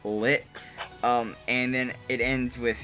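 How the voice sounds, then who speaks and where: A young man co-hosting a casual podcast, joking around and quick to laugh. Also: mid-range voice, lively intonation, music in the background. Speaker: podcast co-host. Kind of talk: casual chat.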